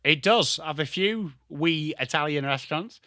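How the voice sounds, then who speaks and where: Excitable sweary Englishman calling footy. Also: fairly high pitch, normal speed, hardly any pauses, dry recording, clean studio sound. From England. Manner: excitable, sweary, rattles off player names. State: tired from little sleep. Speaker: host of a live football watchalong. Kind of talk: live commentary and chat stream.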